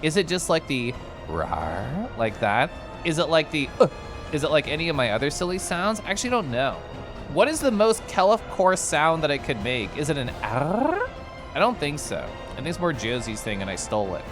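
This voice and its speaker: A man on a live stream talks casually with his audience, his voice slightly high and swinging up and down a great deal. He is playful and chatty, laughing and tossing in silly noises, with soft music faintly underneath. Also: sing-song, fairly quick.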